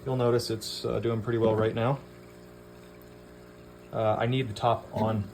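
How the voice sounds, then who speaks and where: A man's voice: lowish voice, flat delivery, a little slow, darkish tone, a little hiss or hum. A man casually vlogging at home by his aquariums, rambling, swearing offhandedly and talking to his fish. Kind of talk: casual vlog chat.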